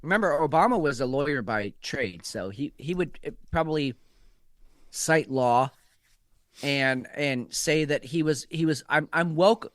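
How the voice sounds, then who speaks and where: A man's voice: mid-range voice, lively intonation, unhurried, a bit bright, no echo, studio quality. A man co-hosting a casual political chat, rambling and profane, with frequent restarts. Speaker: podcast co-host.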